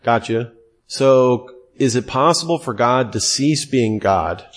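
A middle-aged man teaching a theology class at a steady middle pitch. He quizzes his listeners with pointed questions and repeats key terms for emphasis. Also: slow pace.

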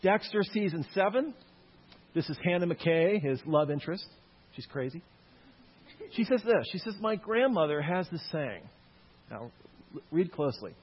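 A man's voice: on the high side, expressive, normal speed, long pauses, husky. A man lecturing a live audience on Christian apologetics, with jokey asides to the crowd. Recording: echoey hall, dull lo-fi sound.

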